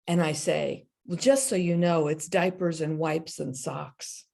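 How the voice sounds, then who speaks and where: A woman minister giving a sermon, telling a story and then leading a slow, meditative prayer. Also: low voice, steady tone, gravelly, darkish tone.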